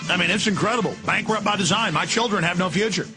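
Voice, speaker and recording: A man hosting a talk radio show, ranting with impassioned intensity, swinging between yelling and hushed urgency. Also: high voice, quick pace, music in the background.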